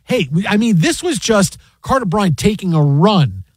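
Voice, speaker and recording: Animated male sports radio host. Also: high voice, normal speed, husky, no echo, low-quality recording. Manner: animated, acts out quoted voices. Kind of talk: casual sports talk radio.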